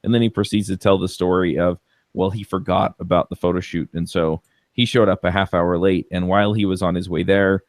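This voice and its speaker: Deep-voiced man telling a story on a podcast. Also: a little fast, no room sound, studio quality. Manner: relaxed storytelling with many fillers. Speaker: podcast co-host. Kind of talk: casual podcast chat.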